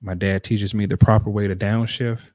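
A man's voice: lowish voice, little pitch movement, moderate pace, darkish tone, no echo. A man, earnestly telling a personal story in a conversational, repetitive way to make a motivational point.

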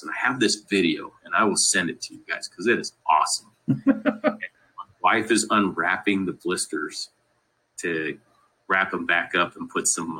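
His voice sits low, pushed and bright with some huskiness, and the recording quality is poor. A Colorado man appearing on a podcast, he spins funny family stories casually and ramblingly, laughing along and saying "you know" again and again.

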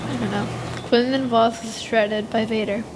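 A woman's voice: a little high, normal speed, background noise. Giggly rambling teenage girl. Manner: giggly, rambling, animated storytelling. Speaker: podcast co-host. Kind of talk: casual fan chat.

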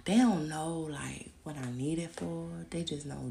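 A woman's voice: low-pitched, a little slow, vocal fry, slight background noise. A woman, telling her own stories in a blunt, profane monologue as a podcast host. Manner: blunt, profane, animated storytelling. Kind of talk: casual monologue.

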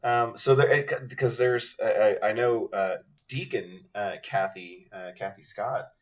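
A man co-hosting a faith podcast, talking casually and haltingly, with many fillers and restarts as he thinks aloud. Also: lowish voice, far from the mic. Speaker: podcast co-host.

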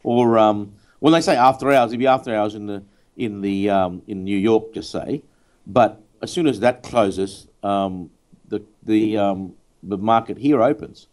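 A man's voice: fairly low pitch, a little slow, a little mellow. Hesitant male co-host explaining. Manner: explains things loosely, hesitant fillers. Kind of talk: casual chat.

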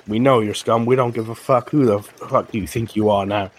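A man's voice: on the low side, steady tone, moderate pace, slightly rough. A man voicing a hostile, foul-mouthed town guard in a tabletop game. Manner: profane, contemptuous. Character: hostile male town guard, rough and contemptuous.

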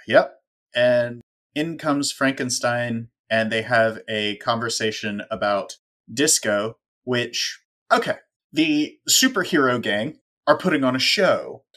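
A man's voice: medium pitch, slow pace, fairly bright tone. Male co-host, wry sarcastic chatter, mid-range voice. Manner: sarcastic, wry joking asides. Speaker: podcast co-host. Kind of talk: casual chat.

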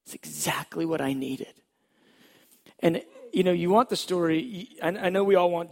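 A man telling a personal faith testimony in a conversational way, sometimes dropping to a hush. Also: sits high, normal speed, vocal fry. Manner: conversational storytelling, drops to hushed tones at tender moments. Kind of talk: testimony story.

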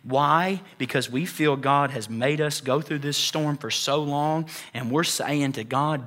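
A male pastor preaching a sermon, animated, acting out voices and building to loud, high passages. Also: measured pace, hardly any pauses. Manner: animated, acts out God and churchgoers.

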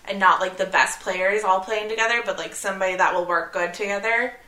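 Chatty woman, bright tone, echoey room. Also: mid-range voice, fairly even intonation, brisk. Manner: chatty, full of "like" fillers. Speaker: podcast co-host. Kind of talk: casual chat about movies.

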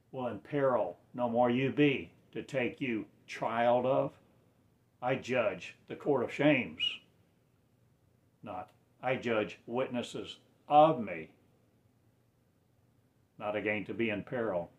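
Man, slow, rambling religious monologue, mid-pitched voice, drops quiet then rises loud, drawn-out words. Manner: swings between quiet low mutters and loud raised declarations.

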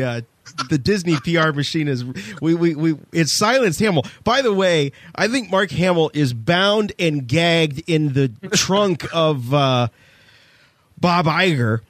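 A man co-hosting a podcast, joking and needling in an animated way. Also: on the high side, no echo. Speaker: podcast co-host. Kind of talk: casual podcast discussion.

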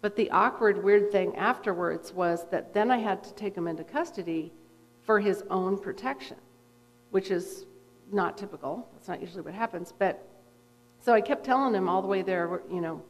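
A middle-aged woman speaks to a room as a guest speaker, her voice trailing into the long reverb of a large hall. Her pitch sits in the ordinary middle range for a woman. She tells a personal story in an easy, conversational way, animated and full of filler words. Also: normal speed.

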